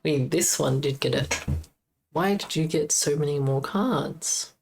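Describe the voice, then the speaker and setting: A woman with a very low voice talks through her game code on a live stream. She speaks slowly and haltingly, muttering questions to herself as she debugs, with a relaxed, unhurried pace. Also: vocal fry. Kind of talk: casual live-stream coding commentary.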